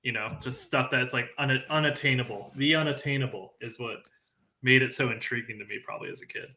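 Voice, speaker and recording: A man's voice: medium pitch, fairly quick, bright, forceful tone. A man from the UK, a guest in a casual interview, chatty and self-deprecating with many fillers. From United Kingdom. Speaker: guest, NFT project creator.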